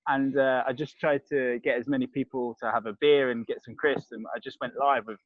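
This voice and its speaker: A man's voice: medium pitch, steady tone, fairly quick, no echo, lo-fi sound. A man with a London accent, a podcast guest chatting casually, rambling with many restarts and fillers. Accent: London English. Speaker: podcast guest, crisp reviewer. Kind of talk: casual chat.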